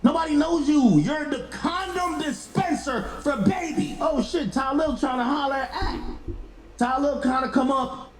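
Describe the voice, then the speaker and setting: A man telling a story in an excitable way, acting out the lines of others with sudden jumps in pitch. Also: measured pace, reverberant, poor audio. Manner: excitable, acts out dialogue with sharp jumps in pitch. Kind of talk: animated storytelling on a clip.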